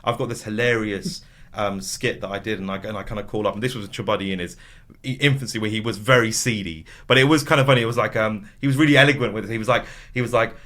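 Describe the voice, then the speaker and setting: A man, chatting casually as an interview guest and telling lively stories. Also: fairly low pitch, quick pace. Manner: animated storytelling with voiced impressions. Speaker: comedy actor and writer, guest.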